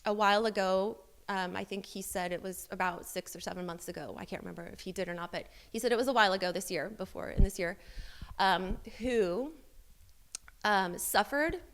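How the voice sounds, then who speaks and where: Woman, testimony speaker, candid self-deprecating storyteller, medium pitch, halting with fillers. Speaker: church member sharing testimony. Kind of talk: personal testimony.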